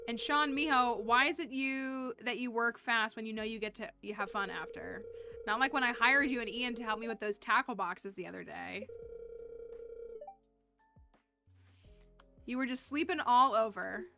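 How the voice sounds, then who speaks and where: A woman voicing a warm, doting middle-aged single mother who scolds fondly and uses Spanish endearments. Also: fairly high pitch, fairly even intonation, quick pace, few pauses, over music, lightly acted. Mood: fond scolding. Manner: affectionate, sprinkles Spanish endearments.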